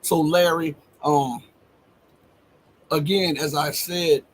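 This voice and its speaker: A man hosting a live stream, speaking earnestly with some halting fillers as he addresses viewers and his guest. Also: fairly high pitch, steady tone, rough recording. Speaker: host. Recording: faint background noise.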